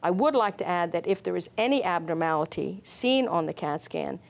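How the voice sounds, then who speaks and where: A middle-aged woman, a lung doctor, explaining screening in an interview, measured and full of fillers. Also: fairly low pitch, lively intonation, gravelly. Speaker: pulmonologist guest. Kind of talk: medical interview.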